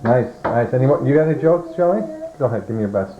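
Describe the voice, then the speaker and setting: A man's voice: medium pitch, animated, fast, background noise. A man filming a family holiday meal on a home camcorder, joking and teasing as he goes. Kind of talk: casual family chat behind the camera. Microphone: camcorder mic. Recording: dull, roomy late-90s camcorder audio.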